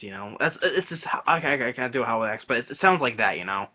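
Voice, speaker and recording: A man giving a casual, rambling film review, halting often and restarting his sentences. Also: medium pitch, animated. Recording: dull lo-fi audio.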